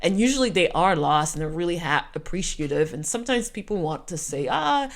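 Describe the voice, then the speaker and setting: Heartfelt Canadian woman, slightly low voice. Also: expressive, brisk. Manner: emotional, repetitive, heartfelt. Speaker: vlogger. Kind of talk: storytime monologue.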